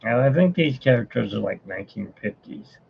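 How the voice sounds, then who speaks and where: A man's voice: medium pitch, animated, brisk, creaky. A man chatting casually and rambling to himself as he draws live for his viewers. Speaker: live-drawing streamer. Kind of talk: casual chat while drawing. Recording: tinny phone-like line with faint hiss.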